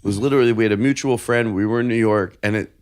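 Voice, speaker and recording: A man's voice: lowish voice, steady tone, fast. A man co-hosting a podcast, telling rambling anecdotes in casual chat and often breaking off mid-sentence. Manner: rambling, self-interrupting. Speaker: podcast co-host.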